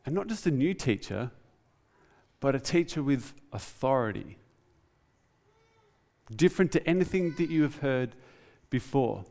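A man preaching a conversational, animated sermon in a church. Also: medium pitch, unhurried, long pauses. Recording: reverberant church hall.

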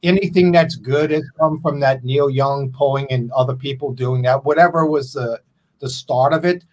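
A man's voice: mid-range voice, moderate pace, darkish tone. A middle-aged man, an independent musician, chatting casually on a podcast, rambling and self-deprecating as he trails off.

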